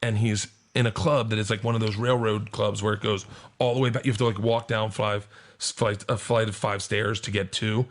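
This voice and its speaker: A male comedian telling an animated, profane anecdote as a podcast guest, laughing and acting out quotes. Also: fairly low pitch, brisk.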